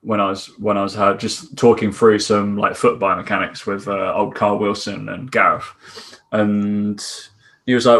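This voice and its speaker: A man's voice: on the low side, steady tone, normal speed, a bit bright. A man co-hosting a fitness podcast, chatty, telling anecdotes and acting out the lines of the people in them. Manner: chatty anecdotes, acts out quoted dialogue. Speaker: podcast co-host, fitness coach. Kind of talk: casual podcast chat.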